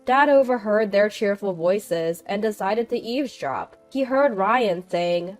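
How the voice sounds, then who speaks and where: A woman reading a first-person story in a slow, even narration, with faint background music. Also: mid-range voice. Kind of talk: scripted narration.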